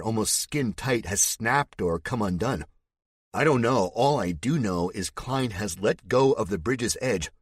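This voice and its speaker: A man's voice: lowish voice, breathy edge, dry recording, clean studio sound. A man narrating a first-person thriller audiobook with a gritty, tense delivery.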